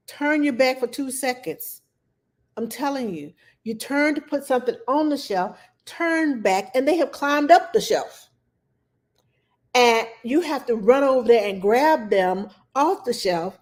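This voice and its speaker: Animated woman telling nanny stories. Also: sits high, unhurried. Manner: animated storytelling, acts out her own past thoughts. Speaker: nanny and livestream host. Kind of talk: casual livestream chat.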